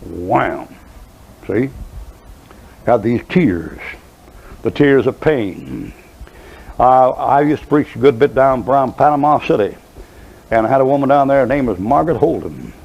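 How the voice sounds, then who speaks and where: A man's voice: medium pitch, highs cut off. An older man preaching a sermon, telling folksy, rambling stories with many asides.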